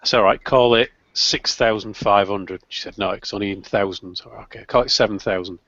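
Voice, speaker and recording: A man's voice: on the low side, fairly even intonation, brisk, a bit bright, no room sound. A British man chatting casually with friends, telling stories with dry humour on a group call. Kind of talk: casual group chat on a live stream. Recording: dull lo-fi call audio.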